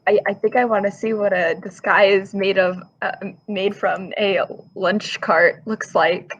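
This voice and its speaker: A woman's voice: medium pitch, fairly even intonation, unhurried, fairly bright tone, lo-fi sound. A woman playing an improvised story game, thinking aloud hesitantly. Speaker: player. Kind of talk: casual game play.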